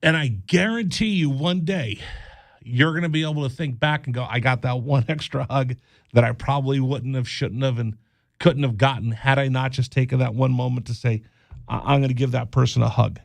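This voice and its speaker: A man hosting a radio show, speaking in a halting, heartfelt monologue, often repeating words and close to tears. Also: mid-range voice, vocal fry, no echo. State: teary-eyed. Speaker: radio host.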